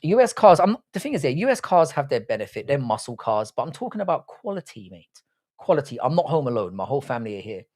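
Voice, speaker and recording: A young man hosts a casual live stream, his voice swinging lively up and down as he talks. He teases his viewers with crude, swear-heavy banter. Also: medium pitch, fast. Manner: crude, teasing, swears freely. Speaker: livestream host reading chat.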